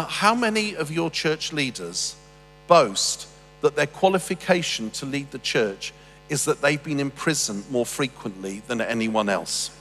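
Lively, joking preacher in a hall. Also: male voice, on the high side, slight background noise. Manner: humorous, animated storytelling with asides. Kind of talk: sermon. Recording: long reverb with faint music.

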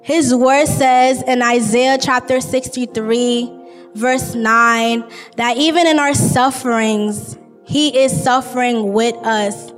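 High-voiced young woman giving testimony. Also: fairly even intonation, takes it slowly, big-room sound, soft background music. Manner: casual slangy talk full of filler words, building to shouted praise. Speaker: testimony speaker. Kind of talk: spoken faith testimony to a gathering.

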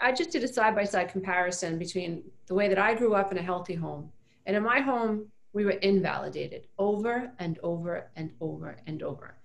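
A middle-aged woman speaking as an interview guest, earnest and emphatic, often repeating phrases as she explains. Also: mid-range voice. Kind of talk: casual interview talk.

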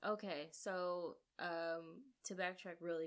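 A woman co-hosting a casual podcast chat, gushing enthusiastically and quick to laugh. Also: lowish voice, lively intonation. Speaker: podcast co-host. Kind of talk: casual chat reviewing a film.

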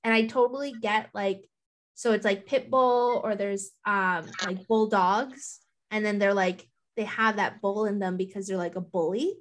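A woman's voice: mid-range voice, steady tone, moderate pace, a little hiss or hum. A woman co-hosting a podcast, chatting casually and rambling with lots of "like". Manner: rambling, heavy use of "like". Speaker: podcast co-host. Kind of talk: casual chat.

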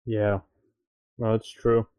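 Male co-host, low mellow voice, easygoing and agreeable, dull lo-fi mic. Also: flat delivery, slow, clean tone, no room sound. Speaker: podcast co-host. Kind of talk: casual chat.

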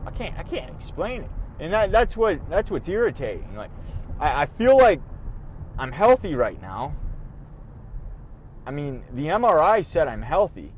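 A young man talks through his own podcast in a loose, rambling way, cutting himself down and swearing without a second thought. His voice sits a little high for a man. A faint hum of noise runs underneath, as if he is in or near a car. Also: sing-song, measured pace, long pauses. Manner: rambling, self-deprecating, swears casually. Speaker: podcast host. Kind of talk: casual solo podcast monologue.

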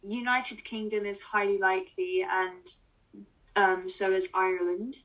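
A woman's voice: medium pitch, flat delivery, a little slow, a bit bright, distant mic, low-quality recording. A young woman co-hosting a podcast, chatting casually, joking and laughing often as she rambles. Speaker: podcast co-host. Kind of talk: casual chat.

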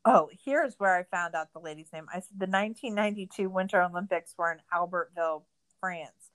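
A woman's voice: fairly low pitch, fairly quick, fairly bright tone. A young woman co-hosting a podcast, ranting in a casual, profane, sarcastic recap. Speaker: podcast co-host.

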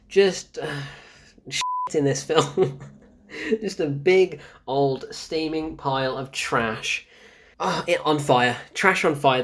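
A man giving a casual spoken film review, ranting in exasperation, swearing often and laughing in disbelief. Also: medium pitch.

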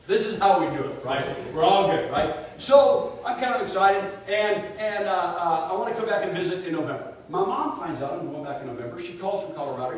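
A middle-aged man preaches at a retreat, telling a personal story with animated swings and hushed asides. His voice sits a bit high for a man. He is recorded from a distance in a very echoey room with faint hiss. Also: moderate pace. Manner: animated storyteller, drops to hushed tones for quoted family.

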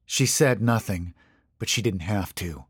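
A man reads a horror story aloud in a low, hushed voice, tense throughout. He takes his time over every line, and the recording is dry and close with no room sound. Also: husky, dry recording. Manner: slow, hushed, tense delivery. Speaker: narrator. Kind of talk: scripted horror story narration.

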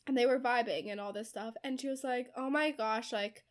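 A young woman recapping a book to a friend in easy, rambling chat, her voice sitting a little high. She scatters "like" through every sentence and slips into the characters' voices when she quotes them. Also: fairly even intonation, fairly quick. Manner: chatty, heavy use of "like" as filler; acts out characters' quoted lines. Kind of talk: casual chat retelling a novel's plot.

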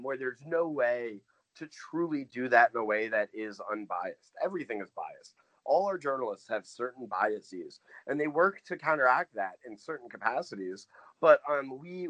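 A man's voice: medium pitch, fairly bright tone, dry recording, rough recording. Earnest man, dry close sound. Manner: earnest, thinks aloud with many fillers and restarts. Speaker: guest from a voter turnout nonprofit. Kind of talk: casual conversational interview.

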